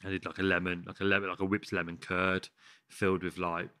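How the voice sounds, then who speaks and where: In a dry podcast-studio recording, a chef from the West Midlands of England rambles through a casual story, swearing often and restarting his sentences. His low voice is flat, sharp, clear and resonant, and he talks fast.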